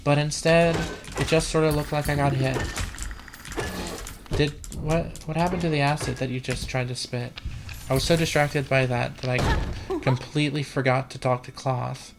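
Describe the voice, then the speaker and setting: Here the let's play host speaks low, at normal speed with fairly even intonation, practicing a trained feminine voice as she comments live on her game. The desk computer mic catches keyboard clicks and room noise, and her talk rambles, swears and mocks herself.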